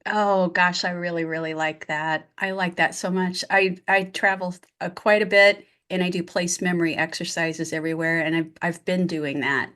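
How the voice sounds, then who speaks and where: Low-voiced woman host, affirming. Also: level tone, normal speed, hardly any pauses. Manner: warmly affirming, enthusiastic listener with repeated filler words. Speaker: podcast host. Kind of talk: interview conversation.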